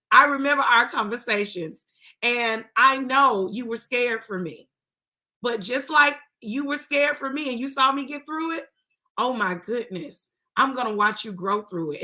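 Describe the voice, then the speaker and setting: A woman's voice: a little high, sharp tone. A woman hosting a talk show, speaking with an effusive, preacher-like cadence and strong emotion.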